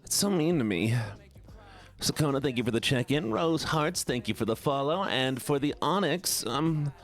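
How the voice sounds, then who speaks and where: A man's voice: mid-range voice, lively intonation, normal speed, lightly acted. A man putting on a stupid, whiny voice as a childish classmate who tattles. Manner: whiny and nagging.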